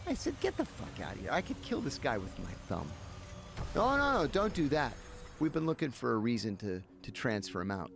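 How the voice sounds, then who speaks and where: A man's voice: on the low side, fast talker, creaky, hardly any pauses, background noise. A man, a podcast guest, telling a story in casual talk and acting out the dialogue. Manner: animated, acts out dialogue. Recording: music playing behind.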